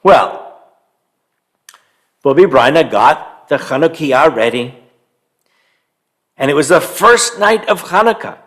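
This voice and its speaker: A man telling a story to young children, animated and stopping to quiz them and have them join in. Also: fairly high pitch, measured pace, long pauses. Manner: animated, quizzes young listeners.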